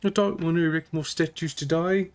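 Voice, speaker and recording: A man's voice: on the high side, steady tone, fairly quick, clean tone, voice pushed up, lightly acted. A man voicing a weary male goblin who grumbles and complains in a sighing, whiny way.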